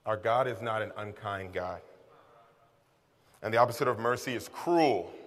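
A man preaching a sermon in a relaxed, conversational and self-deprecating way, with asides and repeated phrases. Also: lowish voice. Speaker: pastor. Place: large hall with an audience. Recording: long hall reverb.

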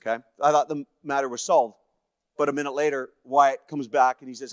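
A man's voice: medium pitch, a little fast, dry recording, studio quality. A man from Canada, a guest speaker telling a personal story from his life, acting out the voices of the people in it. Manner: personal storytelling with acted-out quotes, swinging between hushed and lively. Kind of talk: storytelling sermon.

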